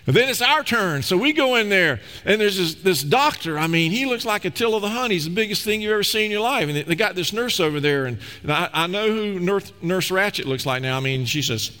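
Animated preacher in an echoing hall. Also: male voice, sits high, fairly quick, hardly any pauses. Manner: animated storytelling preacher, swings from loud to hushed. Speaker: pastor. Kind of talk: sermon. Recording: long echo of a large hall.

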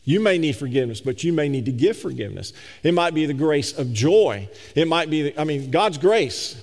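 A man delivers a sermon in a somewhat high voice, with long reverb from a large hall behind him. He builds his points to loud, emphatic peaks and drops low and slow when reading scripture. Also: animated. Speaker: preacher.

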